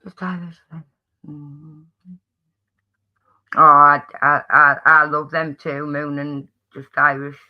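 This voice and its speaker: A man's voice: on the high side, flat delivery, takes it slowly, long pauses, highs cut off. A man with a Geordie accent hosting a casual livestream chat, friendly and rambling, greeting viewers by name with frequent restarts. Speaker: livestream host.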